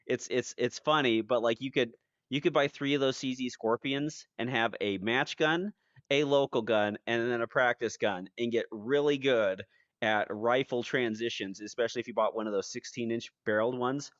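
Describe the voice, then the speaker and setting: A man hosting a podcast, telling stories in a rambling, animated way with many restarts. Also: medium pitch, normal speed, dry recording. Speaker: podcast host. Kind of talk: casual chat. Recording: dry, dull lo-fi podcast audio.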